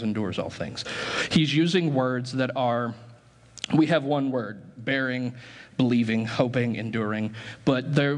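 A man's voice: medium pitch, in a large hall. A man preaching a sermon as pastor, talking conversationally, correcting himself as he goes, and laughing at his own asides.

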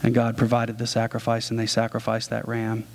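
A man's voice: mid-range voice, monotone, a little fast, a little mellow. Man preaching in a casual storytelling way. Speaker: pastor. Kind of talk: sermon.

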